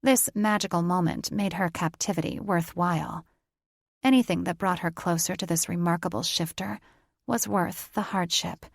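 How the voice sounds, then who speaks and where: A woman narrating a romance audiobook with steady, intimate storytelling. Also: fairly low pitch, normal speed, gravelly, no room sound, clean studio sound.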